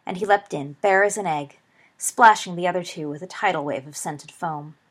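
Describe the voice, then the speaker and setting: Husky, low-voiced woman narrating a story. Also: moderate pace. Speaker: audiobook reader.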